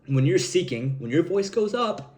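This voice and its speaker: A man's voice: fairly high pitch, big pitch swings, moderate pace, a little mellow. Young man giving casual, rambling advice. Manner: loose and rambling, heavy on fillers, casual swearing. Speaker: self-improvement vlogger.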